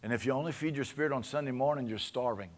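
Cajun pastor preaching with call-and-response. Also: male voice, mid-range voice, quick pace. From Louisiana. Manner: conversational preaching, often asking the congregation for an amen. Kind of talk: sermon.

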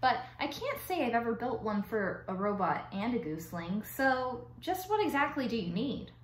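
A woman's voice: a little high, sing-song, normal speed, a little hiss or hum. A stubborn, grumbling male beaver, voiced by a woman reading aloud, muttering his complaints. The reading sounds roomy and a little echoey. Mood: grumpy. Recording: echoey room.

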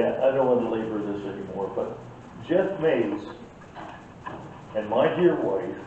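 A man's voice: mid-range voice, narrow, tinny audio, slight background noise. An older man teaching a church Sunday school class in an earnest way that gets worked up, heard from far off in an echoey room.

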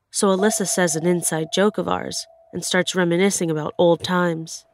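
A woman's voice: fairly low pitch, dry recording. A woman narrating her own scary experience in the first person, in an earnest, plain way. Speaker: storyteller.

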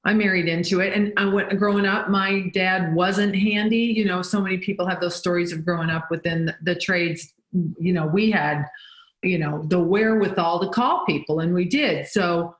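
A woman's voice: lowish voice, steady tone, moderate pace. A woman guest talking emphatically in an interview, with dry sarcastic asides. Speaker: guest, business consultant. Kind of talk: conversational interview. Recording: echoey room.

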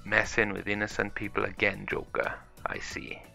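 A man's voice: on the low side, completely flat delivery, normal speed, gravelly, sharp tone, soft background music, full character voice. A man voicing a stern adult male superhero who lectures a villain, in a toy play story.

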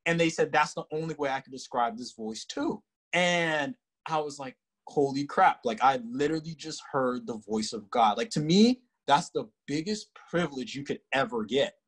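A man's voice: mid-range voice, expressive, normal speed, a bit bright, slightly rough. A young man casually telling his faith testimony in an earnest, filler-heavy way. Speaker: guest sharing testimony.

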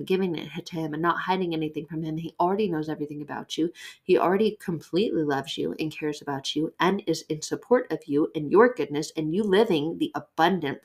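A woman hosting a devotional talk on prayer, earnest and emphatic, repeating short phrases for weight. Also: medium pitch. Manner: drops to soft near-whisper in prayer passages. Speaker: podcast host teaching on prayer.

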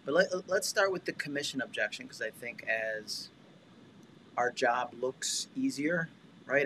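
Bright-voiced man hosting a livestream. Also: mid-range voice, lively intonation, a little slow, slight background noise, low-quality recording. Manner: chatty, addresses viewers directly. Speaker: host.

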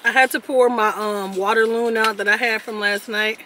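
A woman's voice: on the high side, steady tone, moderate pace, pushed and bright, a little hiss or hum, poor audio. A young woman in her twenties chatting bubbly and casually to the camera as a vlogger, in her car and then a store. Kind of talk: casual vlog chat.

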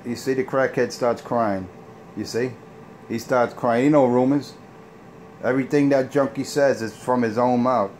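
A man's voice: mid-range voice, darkish tone, slight background noise. A man ranting on a casual morning show, boasting about his radio equipment and trash-talking a rival. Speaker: CB radio operator ranting on air.

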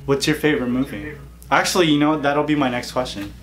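A man hosting a relaxed YouTube chat, trading questions with a guest. He keeps things playful and breaks into laughter often. His voice sits at a middling pitch, with soft music faintly in the background. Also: quick pace. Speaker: YouTuber host. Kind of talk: casual interview chat.

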